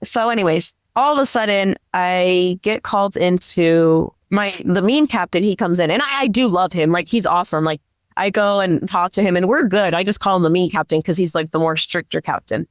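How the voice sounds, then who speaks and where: A woman's voice: lowish voice, normal speed, no echo, clean studio sound. A young woman, a police dispatcher, telling a story in casual chat and leaning on "like" constantly. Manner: chatty, leans on "like" constantly. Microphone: podcast microphone.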